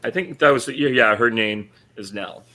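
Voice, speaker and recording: A man's voice: mid-range voice, normal speed, bright, forceful tone. A man chatting casually about films, hesitant and full of fillers, sounding a bit tired. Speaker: podcast co-host. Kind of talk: casual movie chat.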